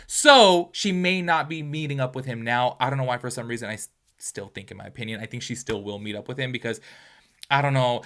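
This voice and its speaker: Guy doing gossip commentary, talks super fast, bright punchy voice. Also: mid-range voice. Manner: animated, chatty, rapid-fire opinions. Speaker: commentary channel host.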